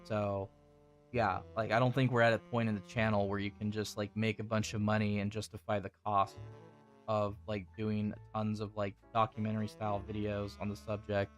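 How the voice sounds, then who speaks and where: Young male host, deep-ish voice, loose profane rambling, light music bed. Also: completely flat delivery, moderate pace. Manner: rambling, profane, restarts often. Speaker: channel host. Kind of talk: casual podcast chat.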